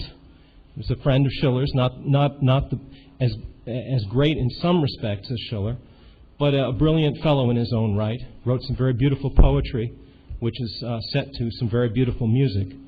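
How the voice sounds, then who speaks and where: A man speaking informally to a seminar group, halting often, restarting his sentences and filling gaps with fillers. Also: medium pitch. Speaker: seminar participant. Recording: muffled with faint hiss.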